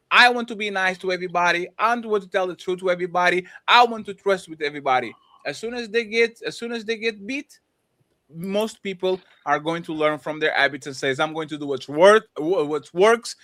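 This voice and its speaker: A man's voice: sits high, a little fast, bright, forceful tone. A man co-hosting a casual podcast, rambling through points and asking "you see what I'm saying?". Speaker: podcast co-host. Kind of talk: casual debate chat.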